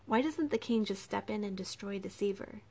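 A woman's voice: mid-range voice, moderate pace, darkish tone, natural voice. A woman voicing a troubled young woman in an audiobook, speaking earnestly with a pleading edge. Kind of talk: audiobook character reading.

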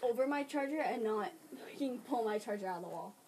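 Blunt, teasing high-voiced woman. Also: expressive, fast, crowd noise. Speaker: podcast co-host. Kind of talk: casual chat among friends. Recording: noisy home recording.

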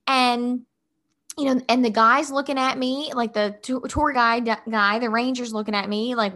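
A woman's voice: on the high side, moderate pace. A woman in her thirties, a mother, telling a family story in casual chat, filling her speech with "like" as she goes. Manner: animated, fills speech with "like".

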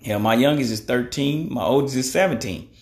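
Here a podcast host in his thirties speaks in a medium-pitched, darkish voice at a fairly quick clip. His monologue is blunt and conversational, peppered with profanity and repeated "you know" fillers as he shares his views.

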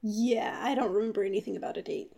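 A woman co-hosting a casual podcast, giving short, low-key replies. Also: fast, creaky, warm tone, breathy edge. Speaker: podcast co-host. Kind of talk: casual chat.

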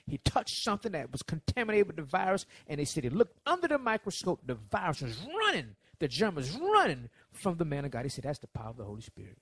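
A man preaching a sermon, swinging between soft lines and loud ones as he acts out quotes. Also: on the high side, wildly swooping pitch, fast talker, few pauses, husky, dry recording.

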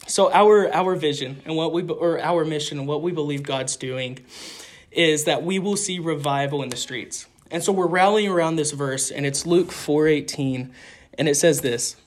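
A young man, a street evangelist, telling stories of his ministry in an earnest, animated way with frequent restarts. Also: a little high, normal speed. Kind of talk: casual interview storytelling.

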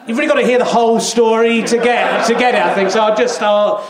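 A man's voice: very high-pitched, steady tone, quick pace, a crowd in the background. A man hosting a live comedy show, telling rambling, self-mocking anecdotes with a laughing delivery. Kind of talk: live stand-up and sketch hosting. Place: live venue with audience. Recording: echoey live venue with audience.

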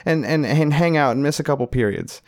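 A man's voice: on the high side, brisk, darkish tone, close to an everyday voice. A man doing a stammering teen buddy. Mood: innocent. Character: teenage boy best friend, easygoing liar.

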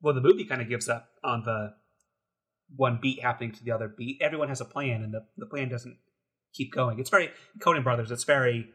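A man's voice: mid-range voice, brisk, fairly bright tone, breathy edge. A man on a podcast, reflective and searching for words in a casual chat.

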